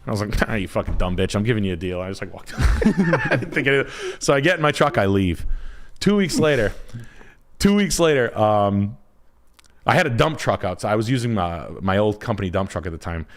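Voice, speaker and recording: A man's voice: on the low side, big pitch swings, brisk. Rambling, cursing male streamer. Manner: rambling, profane, trails off searching for words. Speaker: realtor and stream host. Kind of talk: casual storytelling on a live stream.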